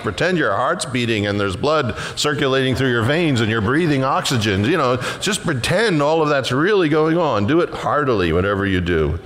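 Folksy preaching pastor in a reverberant hall. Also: male voice, medium pitch, a little fast, few pauses. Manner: folksy, animated preaching with rising emphatic passages. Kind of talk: sermon.

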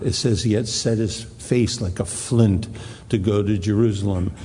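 A man preaching a sermon in a church, slow and deliberate, repeating phrases for emphasis. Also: fairly low pitch, steady tone, dark tone, a little hiss or hum. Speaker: pastor. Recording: long hall reverb.

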